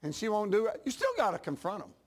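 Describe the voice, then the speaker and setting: Male pastor, high and lively voice, folksy preaching with acted-out dialogue. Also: fast talker, slightly rough. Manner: folksy storytelling preacher, acts out dialogue, laughs at his own jokes. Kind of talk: sermon.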